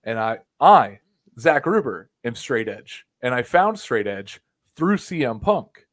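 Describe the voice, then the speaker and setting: A young man in casual podcast chat, telling a swearing-filled story with lots of restarts and asides. His voice sits at a middling pitch for a man. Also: big pitch swings, unhurried, fairly bright tone. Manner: profane, rambling storytelling, full of restarts. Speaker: guest, wrestling videographer.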